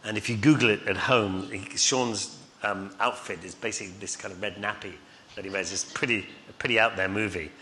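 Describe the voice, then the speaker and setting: Male guest, middle-aged, chuckles through his stories, crisp tone, faint noise in the room. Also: fairly low pitch, steady tone, brisk, sharp tone. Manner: rambling, chuckling, many fillers. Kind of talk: anecdotal storytelling on stage. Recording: reverberant hall, faint noise.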